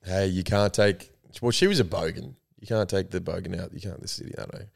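A man's voice: low-pitched, a little fast, vocal fry. A young Australian man co-hosting a podcast, rambling through stories with lots of swearing and laughter. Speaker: podcast co-host. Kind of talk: casual chat.

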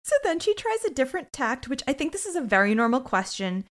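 Animated woman recapping casually. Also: sits high, fast talker. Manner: animated storytelling with quoted voices. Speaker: podcast co-host.

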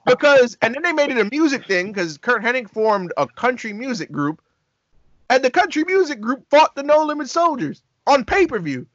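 A man co-hosting a casual talk show, telling stories in a lively way and acting out quotes with laughter. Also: very high-pitched, moderate pace, no echo, muffled recording. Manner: animated, acts out quotes with laughter. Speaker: podcast co-host. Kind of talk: casual storytelling chat.

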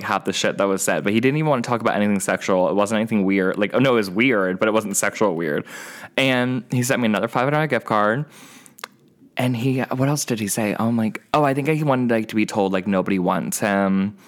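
A young man co-hosting a podcast, chatting casually and telling animated, profane stories with frequent laughter. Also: on the low side, quick pace. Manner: animated storyteller, swears freely, laughs often. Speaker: podcast co-host. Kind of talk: casual chat.

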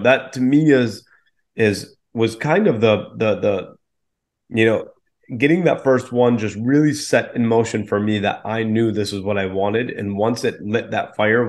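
Low-voiced man explaining his investing plainly. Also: moderate pace. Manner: confident explaining with casual fillers. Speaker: real estate investor guest. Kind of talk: podcast interview.

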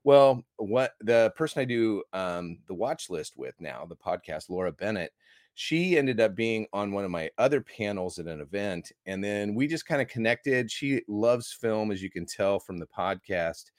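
A man's voice: fairly low pitch, animated, moderate pace, no room sound, clean studio sound. A middle-aged American man, a guest movie critic, telling his story in a rambling, enthusiastic way. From United States. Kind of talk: casual interview talk.

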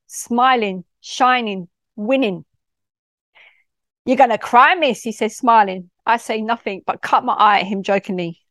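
A woman's voice: a little high, no room sound, studio quality. Heartfelt woman telling a story. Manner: heartfelt, expressive, slangy storytelling. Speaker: school mentor. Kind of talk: personal storytelling.

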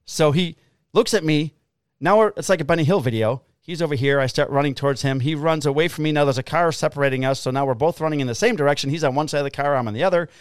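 A middle-aged man, a police officer, telling a story in a casual, profane, animated way. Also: on the high side, fast, clear, resonant tone, no room sound, studio quality.

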